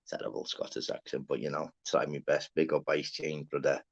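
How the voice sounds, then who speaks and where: A man hosting a live stream, giving rambling, swear-filled shout-outs to listeners in a casual chat. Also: rumbling low, fairly even intonation, moderate pace, vocal fry, husky. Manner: chatty, swears freely, rambling. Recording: dull lo-fi sound.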